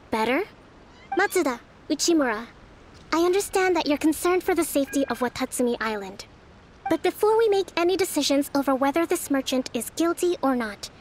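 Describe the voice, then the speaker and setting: A woman voicing a calm, diplomatic young female island leader in a video game, speaking in a measured, soothing way. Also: high-pitched, a little hiss or hum.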